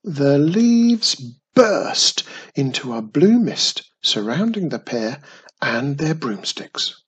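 A man reading a children's storybook aloud in a slow, expressive way. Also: fairly high pitch, breathy edge, highs cut off. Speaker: storybook narrator.

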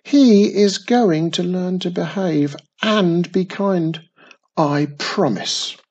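A woman's voice: fairly low pitch, slow pace, a little mellow, husky, dull audio, voice pushed up. A woman voicing a mother slime monster who scolds her son and makes promises. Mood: scolding.

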